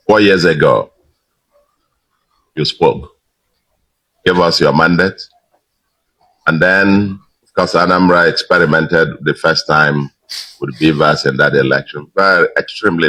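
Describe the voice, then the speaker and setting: A man in his sixties, a governor giving an emphatic victory speech with measured pauses. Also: extremely low pitch, fairly bright tone, low-quality recording. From Nigeria.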